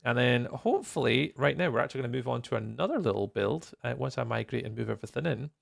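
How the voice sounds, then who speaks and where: A man's voice: mid-range voice, animated, fast talker, gravelly, no room sound, clean studio sound. A man hosting a live stream, chatting casually and rambling while he builds and greets viewers, tired and yawning. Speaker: livestreamer and server host.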